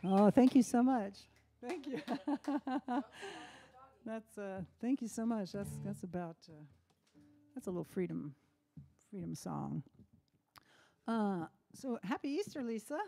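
A woman singer-songwriter chatting casually between songs on a live stream from home, relaxed and rambling with plenty of ums. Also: mid-range voice, slow, gravelly, pauses often, music in the background. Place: home by the fireside.

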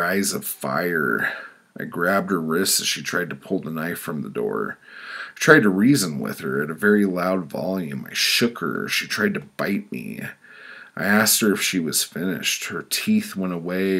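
A man reading his own story aloud in a deadpan, blunt manner, with sudden loud outbursts. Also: sits low, husky. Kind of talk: spoken-word storytelling.

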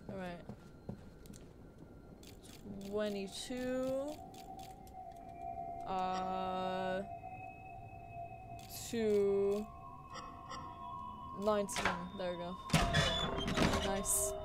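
Woman streamer, live gameplay commentary, thinks aloud and swears casually over game music. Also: mid-range voice.

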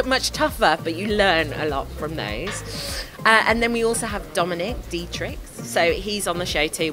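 A woman who has lost her voice, speaking as a dance-show host in a casual interview, chatty and effusive with many restarts. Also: medium pitch.

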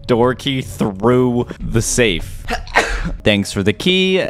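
A young man playing a horror game and commenting, swinging from low mumbles to shrill yelps. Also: drawn-out words. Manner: excitable, flips from mumbling to high-pitched yelps. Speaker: gaming YouTuber. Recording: game music behind the voice.

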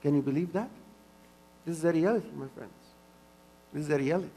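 High-pitched man giving an earnest church sermon with lots of repetition, in a hall with a long reverb. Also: quick pace, slight background noise. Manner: earnest, repeats phrases for emphasis, swings between soft and loud. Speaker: pastor.

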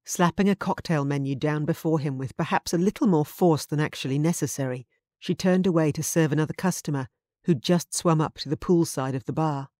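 A woman audiobook narrator reading a contemporary romance in an even, measured scripted narration. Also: sits low, no room sound, studio quality.

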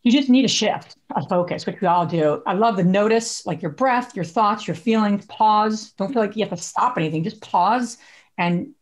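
A middle-aged woman co-hosting a podcast, chatting casually and telling stories with animated asides and frequent laughs. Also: mid-range voice, normal speed. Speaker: podcast co-host.

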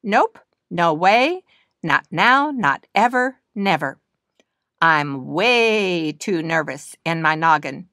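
A woman's voice: on the low side, lively intonation, slow, pushed and bright, dry recording, clean studio sound, heavily acted. A woman voicing a nervous, stubborn little girl nandu bird in a storybook reading, refusing things in anxious, whiny refrains.

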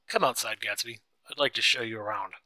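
A man's voice: mid-range voice, brisk, bright, forceful tone, no room sound, rough recording. A man voicing a big, arrogant wealthy man who talks bluntly and dismissively in a storybook reading.

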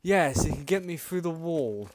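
Raging gamer guy, lively pitch. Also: moderate pace, faint music behind. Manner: frustrated, swearing, raging at the game. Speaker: gaming channel host. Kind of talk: casual gameplay commentary.

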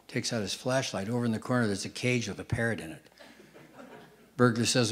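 A man performing a stand-up comedy routine on a stage, telling short jokes and dropping punchlines in a deadpan way. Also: on the low side, fast. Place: theater stage with live audience. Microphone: stage microphone.

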